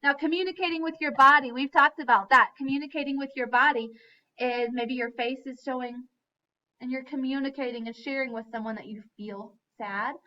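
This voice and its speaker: Woman, teacher, lesson for young kids, slow clear sing-song delivery, high voice, dull lo-fi recording. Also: fairly even intonation, distant mic, slight background noise. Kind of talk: classroom lesson for young children. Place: classroom.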